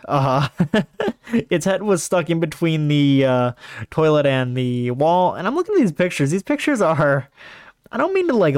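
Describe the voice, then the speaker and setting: A man talking casually in a rambling monologue, full of fillers and restarts, with sudden jumps in pitch. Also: no room sound, clean studio sound. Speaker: podcast host.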